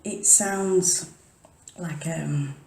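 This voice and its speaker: A woman's voice: deep voice, very slow, vocal fry, dark tone, slight background noise. A woman rambling chattily to her camera at home, often dropping to a whisper and interrupting herself. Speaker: paranormal vlogger. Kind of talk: casual chat, rambling and chatty. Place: home room, early morning. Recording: echoey room.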